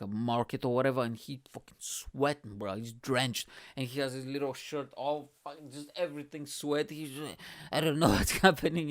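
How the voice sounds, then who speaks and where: A male podcast host retells a reality show in a loose, profane monologue full of exaggerated reactions. His voice is smooth and clear at a middle pitch. The recording is dry and close. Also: no echo. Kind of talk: casual storytelling monologue.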